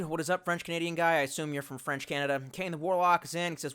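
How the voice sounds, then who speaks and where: A man's voice: on the high side, quick pace, few pauses, fairly bright tone, clean tone. A young man hosting a casual livestream in a rambling, profane, exasperated way, talking into a headset. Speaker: livestream host. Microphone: bluetooth headset.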